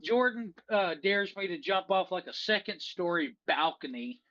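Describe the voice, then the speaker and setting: A man with a high voice tells a wild night-out story in a rowdy, profane rush, cutting in over his friends. The recording sounds dull and lo-fi. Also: animated, normal speed, bright, forceful tone. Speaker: podcast co-host. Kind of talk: casual drunken storytelling.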